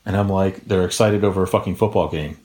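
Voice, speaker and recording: Here a young man co-hosting a podcast spins out a long, laid-back story, swearing often and quoting people in their voices. His pitch is low and his pace quick, the retelling profane and lively.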